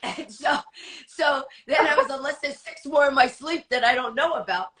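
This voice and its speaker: A woman comic tells a story in a bright, forceful voice that sits a little high. She talks fast and acts out each line of dialogue. It is lively guest storytelling. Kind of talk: animated anecdote telling.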